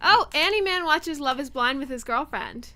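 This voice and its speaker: A woman's voice: sits high, expressive, moderate pace, sharp tone. A woman co-hosting a casual livestream, reading out chat comments and teasing playfully. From Canada.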